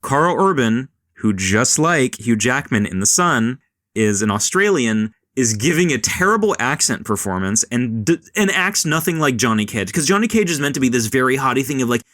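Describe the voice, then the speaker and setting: A man's voice: medium pitch, very animated, normal speed, a bit bright, dry recording, clean studio sound. A man hosting a casual film and culture podcast, rambling and swearing as he talks. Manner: rambling, swears a lot, mimics voices. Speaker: podcast host. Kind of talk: casual chat.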